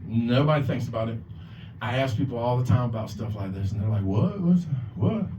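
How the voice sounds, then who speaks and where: Fast-talking and mid-range in pitch, a man runs an open mic stand-up set on a bar or club stage, rambling, cursing a lot and impersonating those he quotes. Noise fills the background of this echoey, lo-fi recording made from a distance.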